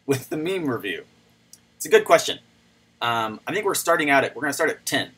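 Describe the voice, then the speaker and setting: A man's voice: medium pitch, big pitch swings, brisk, a bit bright, slightly rough, rough recording. A man hosting a casual livestream, chatting loosely and greeting viewers by name as he reads their comments. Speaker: crypto livestream host.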